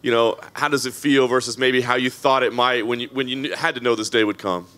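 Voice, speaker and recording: A man's voice: mid-range voice, steady tone, a little fast, a bit bright. Man asking long, polite questions. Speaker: reporter. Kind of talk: press conference questions.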